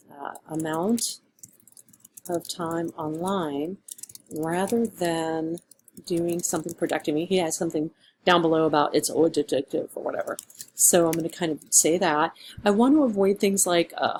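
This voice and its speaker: A woman writing instructor talking through comments on a student's rough draft in a casual, thinking-aloud way, with lots of fillers and some dry sarcasm. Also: low voice, darkish tone, slight background noise. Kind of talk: screen-recorded essay feedback walkthrough.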